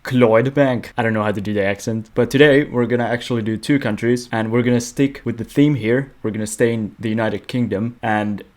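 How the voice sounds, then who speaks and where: A man's voice: medium pitch, fairly even intonation, fairly quick, hardly any pauses, a little mellow. A young man hosting a casual gaming news roundup, joking and poking fun at himself as he talks into a webcam. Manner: playful, jokey, self-mocking. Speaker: host of a game news show. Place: away from home.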